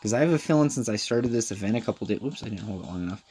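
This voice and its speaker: A man giving casual, excitable gameplay commentary, chatty and loose. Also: lowish voice, very fast, slight background noise. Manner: chatty, excitable, lots of "dude" and "like". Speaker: gaming video host. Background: game music.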